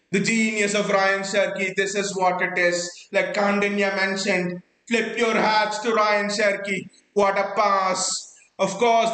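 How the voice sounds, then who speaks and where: A man hosting a live football watchalong, talking in excited bursts and repeating words as he stumbles, out of breath. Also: high voice, roomy sound, low-quality recording. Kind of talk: excited live fan reaction.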